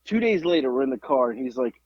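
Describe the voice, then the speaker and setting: A man's voice: mid-range voice, fast, no echo, highs cut off. A man in his forties co-hosting a podcast, telling stories in casual chat, acting out quotes and swearing freely. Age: 40s. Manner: animated storytelling, acts out quotes, swears freely. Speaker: podcast co-host.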